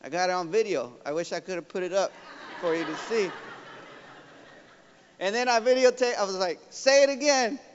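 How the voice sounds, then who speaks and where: A man with a slightly high voice gives an earnest, rallying talk as a guest professor. He keeps checking in with the audience. The sound is dull, and his voice rings through a big hall with a long echo. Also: fairly quick, pauses often, a little hiss or hum. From Oakland, California. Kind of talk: motivational public talk. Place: large school hall.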